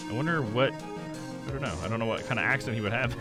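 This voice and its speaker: A man's voice: medium pitch, lively intonation, fast talker. A man streaming a game live, chatting casually with viewers, with laughing asides and swearing. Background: game music.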